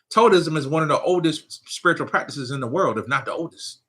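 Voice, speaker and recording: A man's voice: on the high side, animated, a little fast, a bit bright. A man, giving a casual, loose spiritual talk to his viewers, often asking if they follow him. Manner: loose, conversational preaching with frequent laughs and "you know what I'm saying". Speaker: spiritual teacher.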